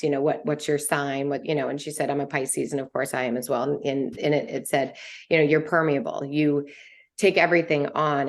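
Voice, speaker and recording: A woman co-hosting a podcast, talking through a book in an emotive, animated way. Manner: emotive, animated, swings in pitch when enthused. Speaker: podcast co-host. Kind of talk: casual book discussion.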